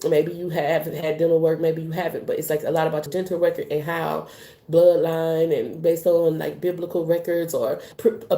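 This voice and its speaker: A woman's voice: on the low side, warm tone, a little hiss or hum. A woman giving a live tarot card reading in a casual, slangy, rambling way. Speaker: tarot reader. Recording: roomy echo.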